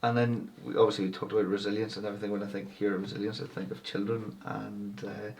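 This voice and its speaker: A man interviewing a guest, asking halting questions and adding short agreements. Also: lowish voice, flat delivery, vocal fry, darkish tone. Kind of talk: casual interview chat. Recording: distant mic, faint background noise.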